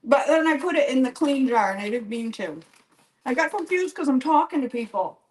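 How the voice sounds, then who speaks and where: A woman's voice: high voice, lively intonation, a little fast, rough recording. A woman with a slightly raised voice chats her way through a baking session, rambling and poking fun at herself. She talks straight to her viewers by name and laughs often. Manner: rambling, self-deprecating, chatty while working. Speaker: home baker. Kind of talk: casual live-stream baking chat.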